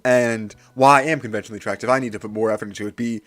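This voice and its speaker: A man's voice: fairly low pitch, steady tone, racing, a bit bright. A young man livestreaming, doing a playful mock-villain rant in casual chat, with frequent restarts. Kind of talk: casual live-stream rant.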